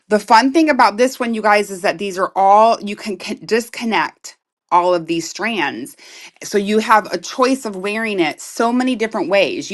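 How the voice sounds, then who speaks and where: A woman selling jewelry on a live stream in loud, excitable, chatty talk that keeps breaking into laughs. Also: medium pitch. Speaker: live online jewelry seller. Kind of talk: casual live-sale chat.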